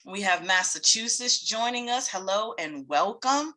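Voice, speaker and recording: Upbeat woman webinar host, bright voice, greets people cheerfully over a computer mic. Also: medium pitch, lively intonation, unhurried. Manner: upbeat, greets attendees by location, laughs often. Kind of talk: live webinar welcome.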